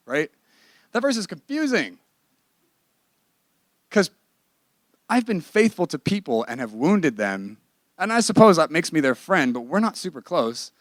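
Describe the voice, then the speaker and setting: A man's voice: medium pitch, big pitch swings, moderate pace, pauses often, dry recording, studio quality. A man teaching a ministry class in a candid, emphatic, conversational sermon style. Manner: emphatic and candid, with bursts of laughter.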